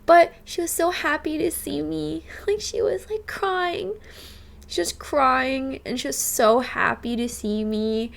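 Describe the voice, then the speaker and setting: A bubbly livestreamer in her twenties chats casually with viewers from a rented apartment, saying "like" a lot and thanking subscribers by name. Her voice is high and steady, slow-paced, with vocal fry.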